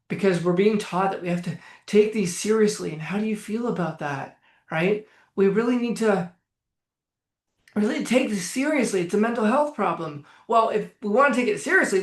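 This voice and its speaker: This man's voice sits high and a bit bright, and the recording has an echoey room sound. He's coaching on anxiety in a live-streamed talk, speaking bluntly and emphatically with plenty of swearing.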